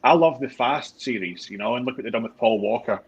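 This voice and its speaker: A man's voice: medium pitch, animated, a little fast, gravelly, dull audio. A man guest in a casual group chat, easygoing and agreeable, saying "you know" often.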